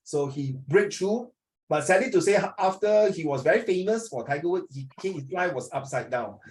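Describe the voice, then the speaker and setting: A man's voice: on the high side, animated, moderate pace. A man with a Singaporean accent teaching a class, joking with his students and quizzing them. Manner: joking, asks students questions, mixes in Mandarin. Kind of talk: classroom lesson.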